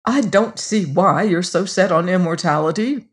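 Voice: mid-range voice, expressive, close to an everyday voice. A narrator voicing a fussy, businesslike male devil in a storybook reading, hesitant and peevish. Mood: fussy, uneasy. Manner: hesitant, then brisk and peevish.

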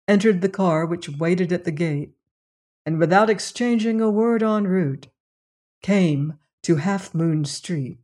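An audiobook narrator reading a mystery novel in a measured, atmospheric storytelling manner. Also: mid-range voice, darkish tone.

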